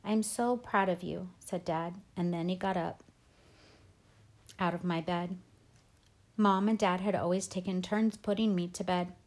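Calm woman reading a novel aloud. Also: on the low side, a little slow, pauses often. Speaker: audiobook reader.

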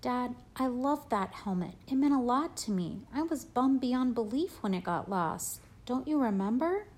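A woman's voice: on the high side, expressive, normal speed, darkish tone, pitched above the performer's own voice, natural voice. A woman reading an audiobook, voicing an eager, earnest ten-year-old boy who questions and protests. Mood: upset. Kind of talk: audiobook character voice.

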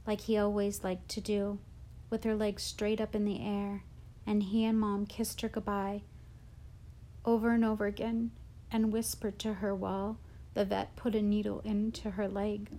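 A woman reading a children's novel aloud in a gentle, emotional storytelling manner. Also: mid-range voice, monotone, moderate pace. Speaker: audiobook narrator. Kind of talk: audiobook reading.

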